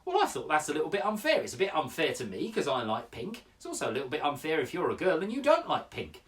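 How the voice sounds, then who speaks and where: A man's voice: a little high, wildly swooping pitch, fast talker, far from the mic. A man in his forties, an upbeat poet hosting a casual daily poetry show from home, chatting with lots of ums and uhs. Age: 40s. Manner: chatty, upbeat, full of fillers. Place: home room.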